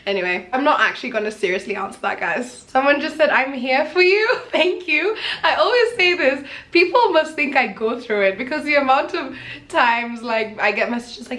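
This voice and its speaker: A giggly young woman with a slightly high voice, talking casually to camera in a Q&A. She is chatty and animated, breaking into laughter mid-sentence. Her talk is loose and unscripted. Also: normal speed. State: briefly teary. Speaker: radio host and vlogger.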